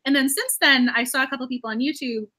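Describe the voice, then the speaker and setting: High, bright, emotional woman streamer. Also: fast. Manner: emotional, gushing, many fillers. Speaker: host of a writing live stream. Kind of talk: casual live-stream chat.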